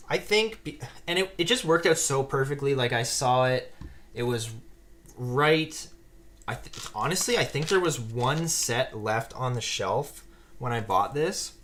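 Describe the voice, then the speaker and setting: This live-stream host chats casually and reads viewers' comments aloud while putting together a Lego set. He speaks at medium pitch, expressive and unhurried, a bit bright, over slight background noise.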